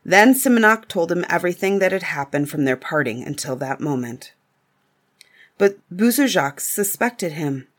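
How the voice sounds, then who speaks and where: A woman reading a fairy tale aloud in a calm, measured storybook narration. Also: lowish voice.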